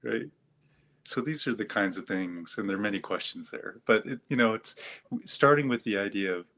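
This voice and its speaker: A man, a guest psychotherapist, talking gently and reflectively in an interview, asking himself questions and using many fillers. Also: fairly low pitch, a little fast.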